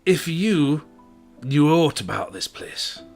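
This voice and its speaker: A man voicing a gruff, suspicious male dwarf in a Scottish accent, curt and dismissive with old-fashioned wording, in improvised tabletop role-play. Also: a little high, very animated, slow, faint music behind, pitched above the performer's own voice, full character voice.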